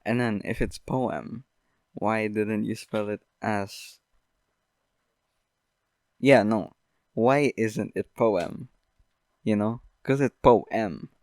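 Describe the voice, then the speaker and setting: A young man hosting a podcast, rambling through an absurd deadpan comedic monologue full of fillers. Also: fairly low pitch, slow, long pauses, no room sound. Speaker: podcast host.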